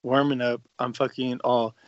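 A man's voice: medium pitch, little pitch movement, moderate pace, no room sound, muffled recording. A young man, a podcast co-host, telling a long, laid-back, profane story in casual chat and acting out the lines he quotes.

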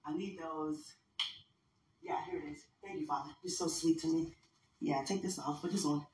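A woman hosting a podcast chats casually into her phone while getting dressed at home, sounding playful, teasing, and a little out of breath. Her voice is low and darkish, at normal speed, with a bit of hiss or hum in the background.

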